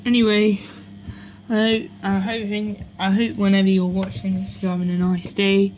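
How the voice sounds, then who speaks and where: A woman's voice: medium pitch, little pitch movement, normal speed, slight background noise. A woman vlogging casually at home beside a washing machine, rambling and correcting herself as she goes. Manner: rambling, self-correcting, chatty asides. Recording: dull lo-fi home recording.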